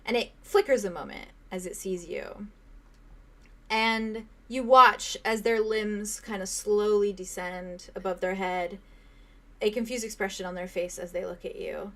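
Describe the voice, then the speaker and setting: A woman's voice: mid-range voice, fairly even intonation. Woman game master narrating a scene. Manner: descriptive, unhurried, with fillers and soft laughs.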